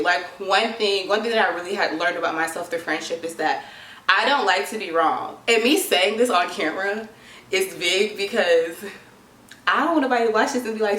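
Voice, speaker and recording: A woman's voice: mid-range voice, a little fast, fairly bright tone. Chatty young woman in an echoey room. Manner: chatty, dramatic, lots of filler "like". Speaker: vlogger. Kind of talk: casual advice vlog.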